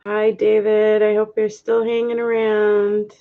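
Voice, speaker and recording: A woman's voice: mid-range voice, monotone, takes it slowly. A woman chatting casually on a live stream while decorating at home, thanking viewers and laughing often, over a webcam mic. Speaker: vlogger reading live chat. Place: home, indoors. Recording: dull lo-fi webcam audio.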